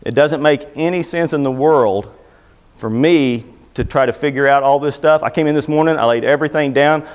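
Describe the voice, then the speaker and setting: A man's voice: fairly high pitch, moderate pace, clean tone, big-room sound. Folksy middle-aged man giving a seminar. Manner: folksy, joking, conversational storyteller. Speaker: seminar speaker. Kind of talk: motivational seminar talk. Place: seminar room before a live audience.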